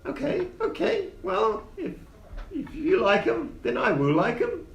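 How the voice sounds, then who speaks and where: A man voicing an excitable male gnome entrepreneur who speaks formally and theatrically. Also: very high voice, a little slow, gravelly, a little hiss or hum, pitched above the performer's own voice, full character voice. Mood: agreeable. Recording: roomy room echo.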